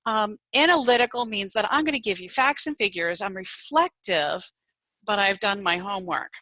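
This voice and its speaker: A woman giving an online presentation on communication styles, lively and demonstrative, varying her emphasis and pace. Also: a little high, normal speed, no room sound, rough recording. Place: home setup on an online meeting.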